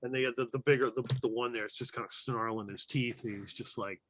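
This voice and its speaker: A man's voice: mid-range voice, steady tone, quick pace, fairly bright tone. Chatty, laughing game master man. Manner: loose and chatty, laughs often, restarts sentences. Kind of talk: narrating a tabletop game.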